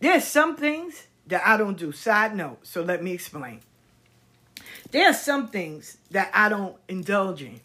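A middle-aged woman speaks in a candid vlog monologue, her voice husky and breathy at a middle pitch. She talks bluntly, swears freely and hammers her points home by repeating words. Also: big pitch swings, measured pace, pushed and bright. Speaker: vlogger. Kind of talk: candid personal commentary monologue.

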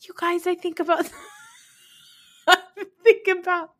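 A woman doing a high, teary, quavering impression of a melodramatic grown woman who weeps about death. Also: flat delivery, slow, bright, forceful tone, full character voice. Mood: tearful, maudlin.

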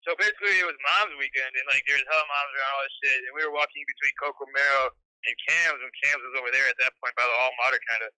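Fast-talking young man on a phone line. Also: medium pitch, no room sound. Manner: rambling, profane, animated quoting of others. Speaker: caller telling a story. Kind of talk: casual phone storytelling.

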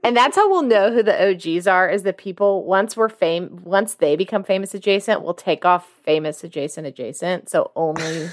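A woman co-hosting a podcast in casual chat, chatty and quick with asides as she reads names and notes aloud. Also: on the low side, no room sound, clean studio sound. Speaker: podcast co-host.

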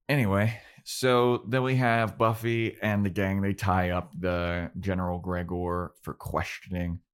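A young man with a deep, low-pitched voice recaps an episode in casual podcast chat. He tells it animatedly, jumping into mock voices for the characters and swearing freely. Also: little pitch movement, unhurried, clear, resonant tone. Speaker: podcast co-host.

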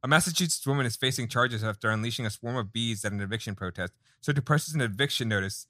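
A man's voice: medium pitch, fast talker, hardly any pauses, pushed and bright, slight background noise. A man co-hosting a comedy podcast, reading joke setups with wry asides. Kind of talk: casual comedy banter, reading jokes.

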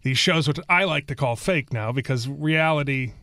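A man telling stories as a guest in a casual interview, rambling and animated, acting out what people said. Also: mid-range voice, moderate pace, dry recording, studio quality. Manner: rambling, animated storyteller who acts out quotes.

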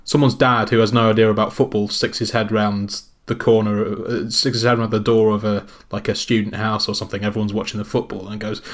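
A man's voice: lowish voice, little pitch movement, a little fast, few pauses. A man co-hosting a football podcast, hesitant and often restarting his sentences. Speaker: podcast co-host. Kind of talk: casual chat.

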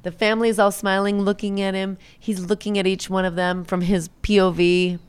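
A young woman co-hosting a podcast, retelling a movie scene by scene and acting out the characters' lines in quick voices. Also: medium pitch, level tone, clear, resonant tone. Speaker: podcast co-host recapping a movie. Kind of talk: casual chat.

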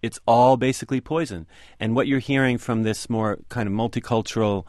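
A man's voice: medium pitch, steady tone, brisk, darkish tone, no echo, clean studio sound. A man being interviewed about his book, making his case earnestly with emphatic repetition. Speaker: author and guest. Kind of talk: radio interview discussion.

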